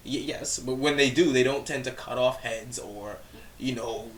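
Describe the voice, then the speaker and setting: A man's voice: medium pitch, moderate pace, far from the mic. A man co-hosting a reaction video, giving blunt, profane commentary in casual chat. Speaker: reaction channel co-host. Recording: echoey room, off-mic.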